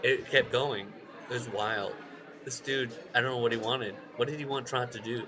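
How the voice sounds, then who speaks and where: A man co-hosting a podcast in casual chat, telling stories with swearing and loud, mimicked shouts. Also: medium pitch, normal speed. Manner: animated storyteller, swears, shouts out quoted voices. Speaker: podcast co-host.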